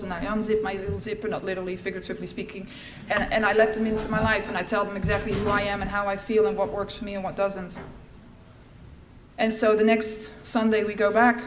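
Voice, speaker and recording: Echoey woman telling a recovery story. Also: medium pitch. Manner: lively storytelling, acting out quoted lines. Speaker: speaker sharing her recovery story at a fellowship event. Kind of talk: personal testimony. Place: large event hall. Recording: echoey hall with faint ambience.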